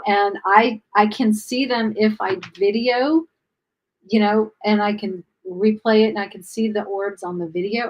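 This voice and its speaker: Earnest woman explaining calmly. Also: medium pitch, poor audio. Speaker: host. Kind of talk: casual chat.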